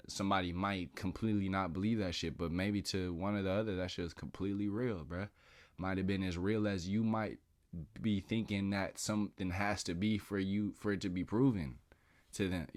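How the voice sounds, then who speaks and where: Low-voiced man musing, rambling monologue. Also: no room sound, clean studio sound. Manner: rambling, slangy and profane, laughs often; drawn-out, musing delivery. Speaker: podcast host. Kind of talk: casual philosophical monologue.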